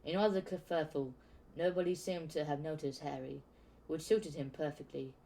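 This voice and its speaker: A man's voice: fairly high pitch, fairly even intonation, normal speed, gravelly, mellow, poor audio. A man casually reading a novel aloud, often stumbling and restarting words. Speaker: audiobook reader. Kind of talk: casual amateur book reading.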